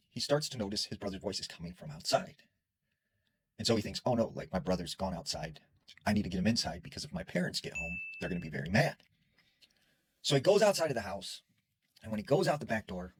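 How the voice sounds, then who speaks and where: A man's voice: on the low side, breathy edge, low-quality recording. A man casually telling a spooky story in a chatty way, dropping filler words as he goes. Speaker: horror storyteller.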